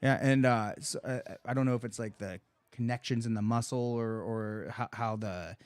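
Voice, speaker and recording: A man's voice: medium pitch, steady tone, normal speed, no echo. A young man, a fighter, chatting casually on a podcast, telling rambling stories full of swearing. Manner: profane, rambling storyteller. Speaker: fighter guest.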